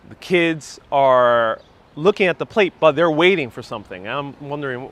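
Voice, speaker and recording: A man from New York City in his thirties, livestreaming a walking tour outdoors on a wireless lapel mic and telling childhood stories in a casual, animated way. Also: fairly high pitch, normal speed, slight background noise. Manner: animated storyteller, reads viewer comments aloud. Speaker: vlogger giving a live walking tour. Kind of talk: casual live-stream storytelling.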